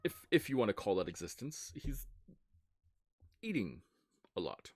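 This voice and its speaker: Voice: mid-range voice, very animated, moderate pace, dry recording, studio quality. A game master voicing a sly, teasing divine spirit being in a live tabletop game. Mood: sly, airy. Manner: mock-innocent, airy. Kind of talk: live-streamed tabletop role-play.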